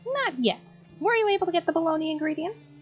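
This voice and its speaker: A woman's voice: very high voice, expressive, fast, muffled recording, soft background music, pitched above the performer's own voice. A woman voicing a nerdy teenage boy who speaks in formal, scientific terms.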